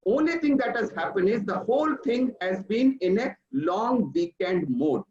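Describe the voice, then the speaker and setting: A man with a fairly high voice lays out his points one by one like a doctor briefing colleagues. He sits well back from the mic, so the sound carries the wash of a roomy space. The video-call audio is muffled and dull. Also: lively intonation, a little mellow, distant mic. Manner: measured, enumerating points. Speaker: doctor speaking as a panelist. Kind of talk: webinar panel remarks.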